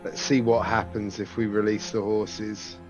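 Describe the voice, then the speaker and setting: Slow, hesitant player. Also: male voice, lowish voice, level tone, music in the background. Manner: slow, hesitant, thinks aloud. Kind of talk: casual tabletop game talk.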